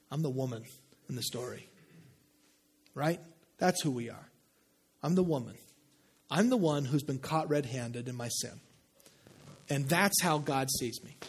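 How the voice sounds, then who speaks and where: Conversational preacher man, fairly high voice. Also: husky. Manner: conversational, asks the congregation questions; drops low and slow for emphasis. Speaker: pastor. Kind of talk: sermon.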